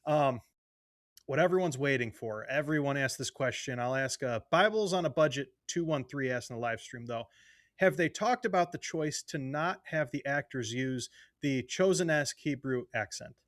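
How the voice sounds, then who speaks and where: A man's voice: medium pitch, normal speed, fairly bright tone, dry recording. Enthusiastic male interview host, dry sound. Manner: enthusiastic, conversational, uses fillers like "like". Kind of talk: casual interview talk.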